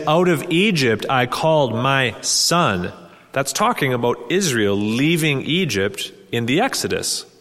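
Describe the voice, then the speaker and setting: A man delivers a sermon at a medium pitch, teaching earnestly and lifting his voice as he reads scripture. His words ring out with a long reverb that trails through the hall around him. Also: fairly bright tone. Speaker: pastor.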